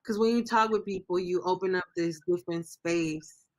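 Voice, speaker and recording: A woman's voice: fairly low pitch, moderate pace. A woman speaking as a guest on a loose livestream chat. She rambles and circles back, reaching for words as she opens up with plenty of feeling. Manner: emotional, rambling, searching for words. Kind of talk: casual livestream interview.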